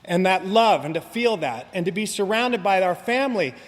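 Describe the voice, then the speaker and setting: A man's voice: sits high, animated, normal speed. A man in his forties from Southern California, giving a rambling, joking recovery talk to a meeting audience. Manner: joking, rambling storyteller, fond of asking "you know what I mean?". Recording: live talk with long hall reverb.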